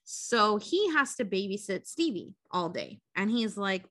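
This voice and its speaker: A woman's voice: mid-range voice, measured pace, hardly any pauses. A young woman co-hosting a podcast, recapping a movie in casual chat, swearing freely and acting out the characters' lines. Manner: profane, animated storytelling with acted quotes. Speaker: podcast co-host.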